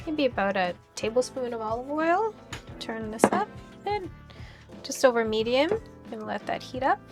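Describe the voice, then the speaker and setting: A woman hosting her cooking channel, chatting playfully and explaining each step as she cooks in her kitchen. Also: fairly high pitch. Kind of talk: casual cooking vlog. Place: home kitchen with food sizzling. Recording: background music under the voice. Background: music and sizzling pan.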